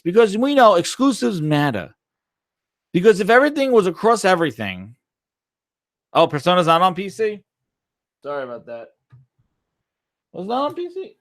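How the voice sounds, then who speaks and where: A man's voice: on the high side, moderate pace, no echo, clean studio sound. A man hosting a casual gaming live stream, rambling and swearing as he answers chat. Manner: animated, profane, rambling.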